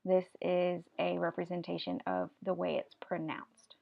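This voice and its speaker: A woman's voice: lowish voice, monotone, a little slow, creaky, highs cut off. A woman teaching a Spanish vocabulary lesson, patiently explaining each word step by step and having students repeat after her. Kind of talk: classroom video lesson.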